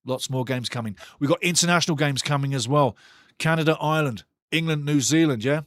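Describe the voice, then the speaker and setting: Guy hosting a soccer watchalong, fired up and ranty, kinda high voice, dry close sound. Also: a little fast, a bit bright, no room sound. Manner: passionate, ranting, chatty. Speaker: watchalong host. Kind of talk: live football watchalong commentary.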